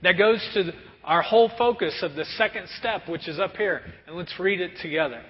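A pastor preaching a sermon in a conversational, animated way. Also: male voice, high voice, brisk. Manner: animated, conversational, acts out prayers. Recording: dull recording with long hall reverb.

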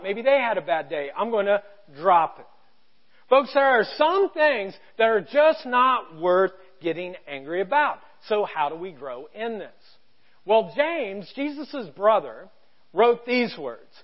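High-voiced pastor preaching a lively sermon. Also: male voice, highs cut off. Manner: animated, conversational preaching with acted-out quotes. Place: church.

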